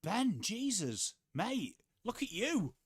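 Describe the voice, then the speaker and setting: A man's voice: high voice, very animated, slow pace, slightly rough. A young man from England, chatting casually on a live sports watchalong, reading out viewers' messages and swearing offhandedly. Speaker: livestream host.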